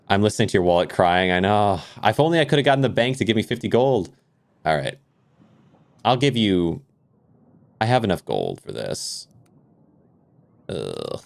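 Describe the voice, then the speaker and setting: A man's voice: fairly low pitch, very animated, normal speed, gravelly. A man giving joking, casual commentary while playing a game, laughing often and reading the dialogue aloud. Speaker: let's play streamer.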